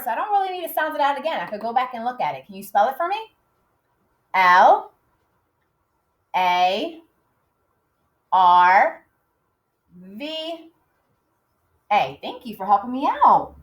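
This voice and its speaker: A woman teaching young children to write, slowly sounding out words and spelling them letter by letter. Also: a little high. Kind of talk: modeled writing lesson for young children.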